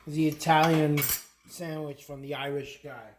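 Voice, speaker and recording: A man's voice: fairly high pitch, flat delivery, unhurried, echoey room, heavy background noise. A man joking around while he makes a sandwich in his home kitchen. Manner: joking, playful. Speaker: husband making his lunch. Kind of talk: casual kitchen vlog chat.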